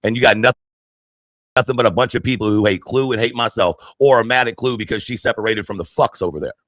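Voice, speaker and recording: A man's voice: lowish voice, fast, a bit bright, no echo. Furious man ranting on a dry mic. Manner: heated, profane, confrontational. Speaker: livestreamer. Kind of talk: angry livestream rant.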